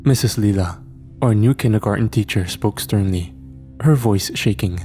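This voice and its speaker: A man reading a scripted horror story in a slow, measured way. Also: lowish voice, a little mellow. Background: faint background music.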